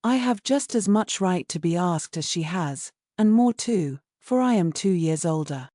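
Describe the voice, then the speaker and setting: A woman's voice: fairly low pitch, expressive, measured pace, dark tone, dry recording, studio quality. A woman voicing a peevish, jealous young girl in a storybook, whining about unfairness.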